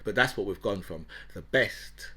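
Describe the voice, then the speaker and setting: A man's voice: lowish voice, animated, unhurried, pushed and bright, breathy edge. A man, hosting an opinionated commentary monologue in a heated, ranting way, often checking in with "right?" and "you know". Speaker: political commentator and host.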